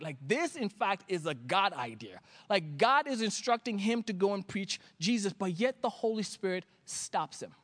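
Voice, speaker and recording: A man from Africa preaching a sermon to an online audience, with animated storytelling. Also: high-pitched. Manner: animated, acts out his younger self in quoted asides. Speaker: pastor. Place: empty church streamed online.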